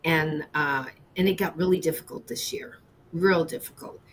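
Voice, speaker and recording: A middle-aged woman, a baker, telling her story as an interview guest in an earnest, reflective way with halting restarts. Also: low voice, slight background noise, poor audio. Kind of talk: candid personal storytelling.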